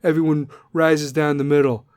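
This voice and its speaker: A man's voice: on the high side, little pitch movement, normal speed, dry recording, clean studio sound. Blunt, foul-mouthed ranting man. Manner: blunt, aggressive, swears constantly, swings loud and soft. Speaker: podcast segment host. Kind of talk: profane rant to listeners.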